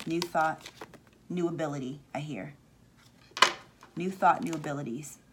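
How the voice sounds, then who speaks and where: This spiritual reader and channel host has a low, somewhat slow voice, with a bit of noise in the background. Her casual spiritual talk wanders with restarts as she performs voices she says she hears.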